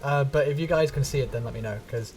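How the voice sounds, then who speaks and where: A man's voice: mid-range voice, quick pace, distant mic, background noise. A man from England with a neutral English accent, chatting casually and rambling while streaming a game, swearing now and then. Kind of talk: casual gaming stream chat.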